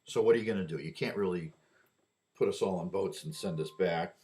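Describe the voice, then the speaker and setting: A man's voice: low-pitched, a little fast, mellow. A man delivering a rambling opinion monologue, often repeating and restarting his words.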